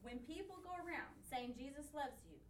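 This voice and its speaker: A woman's voice: sits high, a little fast. A woman in a class discussion making a blunt, outspoken point. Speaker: class member.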